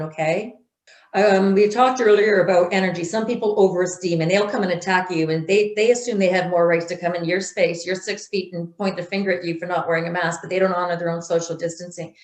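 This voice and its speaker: A woman's voice: lowish voice, reverberant. A woman speaking in an interview, blunt and emphatic, acting out quotes as she tells stories. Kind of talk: conversational interview.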